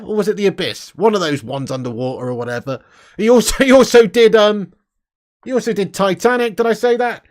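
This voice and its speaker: A young man hosting a casual livestream, reading super chats, loud and sweary with lots of banter. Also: high voice. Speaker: livestream host.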